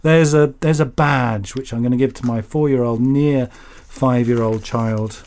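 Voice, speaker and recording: A man's voice: medium pitch, a little slow, darkish tone. A man from Yorkshire co-hosting a casual radio show, rambling and joking as he reads out listener mail. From Yorkshire, England. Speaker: radio co-host.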